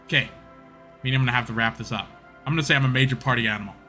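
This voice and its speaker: A man's voice: mid-range voice, rapid-fire, bright, forceful tone, soft background music. A young man from British Columbia with a Canadian accent, chatting casually on a game live stream, wandering into tangents and laughing easily.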